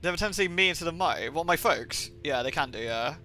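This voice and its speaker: A man's voice: fairly high pitch, animated, quick pace, bright, forceful tone, faint music behind. A man from the southwest of England with a mixed Somerset and Birmingham accent, rambling casually and swearing freely while he streams a game from home. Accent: Somerset and Birmingham mix. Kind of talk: casual live-stream chat.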